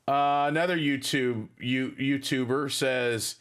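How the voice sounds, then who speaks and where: A man's voice: medium pitch, steady tone, slow, fairly bright tone, clean tone. A man hosting a casual livestream for his band, rambling and chatty as he reads viewer comments. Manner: rambling, chatty, many fillers.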